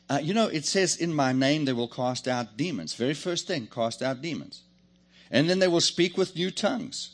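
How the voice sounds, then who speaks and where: Lively joking preacher man. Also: on the high side. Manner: lively, joking, calls on the congregation. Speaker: pastor. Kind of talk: sermon.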